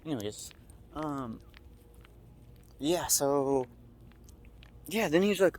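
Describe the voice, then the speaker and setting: A young man telling a rambling story on a street at night, high, swearing and filling every pause with "like" and "uh". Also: lively intonation, darkish tone. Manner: rambling, heavy swearing and filler words. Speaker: vlogger. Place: outdoors on a town street at night.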